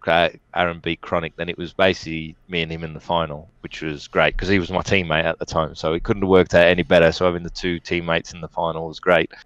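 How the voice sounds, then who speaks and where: A man, an esports player, telling lively stories as an interview guest and laughing now and then. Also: sits low, quick pace, few pauses, dry recording, dull audio. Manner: animated anecdotes, laughs often, quotes others. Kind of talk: casual storytelling.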